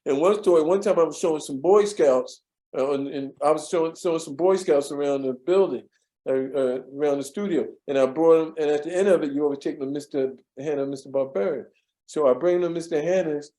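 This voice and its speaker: An older man recounts his years at a studio in a loose, conversational way, circling back with restarts and fillers. His voice sits a little high for a man but sounds warm and mellow. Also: echoey room. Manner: relaxed, rambling with many restarts and fillers. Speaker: interview guest, former studio assistant. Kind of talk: storytelling in a casual interview.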